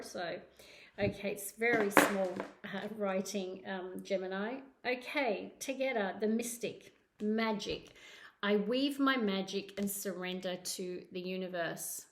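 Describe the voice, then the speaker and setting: A woman's voice: medium pitch, vocal fry, a little hiss or hum. A woman with a Scottish accent giving a monthly tarot reading to camera, effusive and emotional, often checking in with "okay?". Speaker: tarot reader. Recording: roomy echo.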